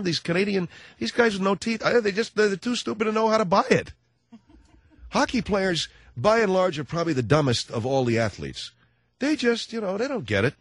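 A man's voice: mid-range voice, no room sound, studio quality. A man hosting a talk radio show, riffing through a sarcastic, opinionated comedic monologue. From United States.

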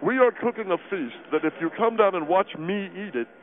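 A smug, condescending businessman, as a man puts him on, chewing through every word with his mouth full. His voice sits high and comes through a thin, tinny phone line. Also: expressive, quick pace. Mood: insistent. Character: smug male businessman eating on air. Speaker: guest.

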